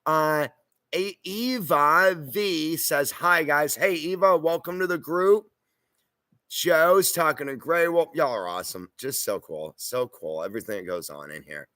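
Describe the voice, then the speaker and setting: A man with a somewhat higher voice than most, recorded dry and close with no room echo. He hosts a casual livestream, reading viewer comments aloud in an easygoing, chatty way. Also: unhurried, sharp tone. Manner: easygoing and chatty, often says "y'all" and "hoorah". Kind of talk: casual live-stream chat.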